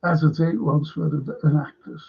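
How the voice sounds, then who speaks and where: A man's voice: on the high side, steady tone, moderate pace, vocal fry, husky. A man hosting a film and TV review livestream, chatting casually and rambling, swearing freely and repeating himself. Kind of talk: casual livestream chat reading viewer comments. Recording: dull lo-fi stream audio.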